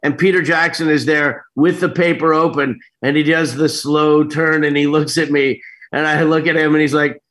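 A middle-aged man with a somewhat high voice tells stories as an interview guest. He is animated and rambling, breaking off mid-sentence and starting over. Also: moderate pace. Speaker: actor guest. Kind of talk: casual interview storytelling.

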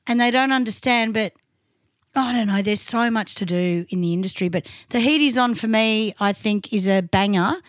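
Aussie woman co-hosting, swears a lot, blunt, kinda high voice, dry sound. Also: moderate pace, dry recording. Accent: Australian. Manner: blunt and profane, cuts people off abruptly. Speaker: podcast co-host and tribute band singer. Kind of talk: casual chat.

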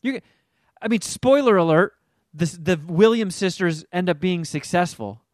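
A man's voice: high-pitched, moderate pace, no room sound, studio quality. A man chatting casually about a movie he watched, swearing freely and slipping into mocking voices as he retells scenes. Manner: profane, animated, does mocking voices in quotes. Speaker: podcast co-host reviewing a movie. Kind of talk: casual chat.

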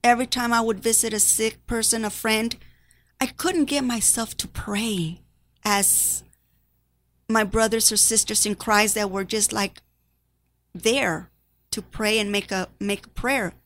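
A woman who is a nurse giving an emotional personal testimony to an audience, halting and sometimes dropping to a near whisper. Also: fairly high pitch, fairly even intonation, a bit bright. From Spanish-speaking background.

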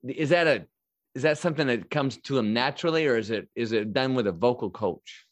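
A man's voice: mid-range voice, expressive, a little fast, dry recording. A man hosting an interview, talking in a rambling, chatty way with plenty of "you know" and "uh". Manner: rambling, chatty, full of fillers. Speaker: podcast host. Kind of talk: casual interview chat.

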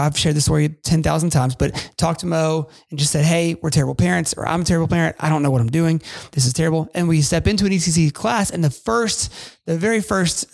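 A man's voice: fairly high pitch, creaky. A man co-hosting a parenting podcast in casual chat, rambling with frequent restarts and asides. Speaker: podcast co-host.

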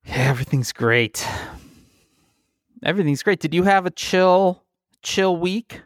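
A man co-hosting a podcast, chatting casually with dry, deadpan reactions. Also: high voice, measured pace. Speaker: podcast co-host. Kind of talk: casual chat.

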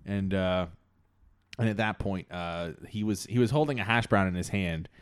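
A man's voice: low voice, normal speed, smooth. Laughing man spinning a comic story. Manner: laughs often, rambling with restarts. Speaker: podcast co-host and storyteller. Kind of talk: improvised comedic storytelling.

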